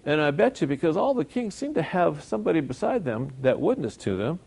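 A man's voice: a little high, sing-song, fairly quick, creaky, a little mellow, slightly rough. A man preaching a sermon in a conversational way, firing off rhetorical questions and correcting himself as he goes.

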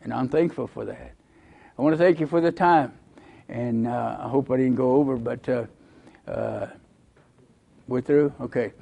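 A man's voice: mid-range voice, moderate pace, creaky, long pauses, highs cut off. A male pastor giving an earnest, folksy mission report to a church while showing slides.

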